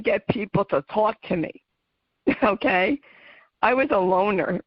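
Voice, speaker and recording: Woman radio host, middle-aged, from the US, heartfelt and emotional, unhurried delivery, dull dry recording. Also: mid-range voice, no echo. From United States. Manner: heartfelt, emotional, laughs often. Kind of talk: personal talk to listeners. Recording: muffled dry home recording.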